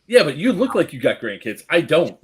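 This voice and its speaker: A middle-aged grandfather telling animated, profane stories in casual chat, acting out the quotes. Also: fairly high pitch, a little fast. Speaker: stream co-host.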